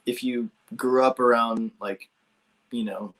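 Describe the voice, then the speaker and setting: A man's voice: mid-range voice, steady tone, slow, a bit bright. A man hosting a podcast, talking in a thoughtful, hedging way with many restarts. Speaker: podcast host. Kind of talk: casual chat.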